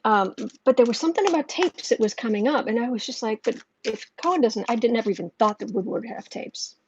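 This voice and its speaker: A woman's voice: fairly high pitch, fast, slight background noise. A woman hosting a live tarot reading stream. She reads viewer comments aloud and talks in an emotional, rambling way with many restarts. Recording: dull, lo-fi sound.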